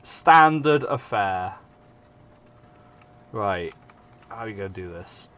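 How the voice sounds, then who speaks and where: Casting: young English male streamer, slow and animated delivery, swears a lot, self-mocking. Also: lowish voice, slight background noise. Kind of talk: casual live-stream chat.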